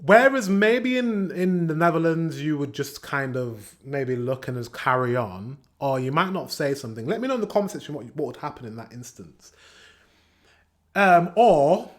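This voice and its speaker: A Northern English man commenting on a video in a relaxed, rambling way, his voice sitting a little higher than most men's. He chats to his viewers and breaks into laughter mid-sentence. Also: moderate pace. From north of England. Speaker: reaction video host.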